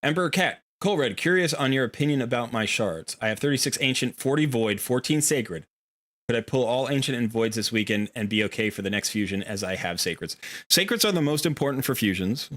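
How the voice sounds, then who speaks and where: A man hosts a relaxed game livestream from his home, talking to chat in a loose, rambling way. His voice sounds bright and forward at an ordinary middle pitch. He drifts into storytelling and drops in playful little voices for the animals. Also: brisk. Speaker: game streamer. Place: home room near a window.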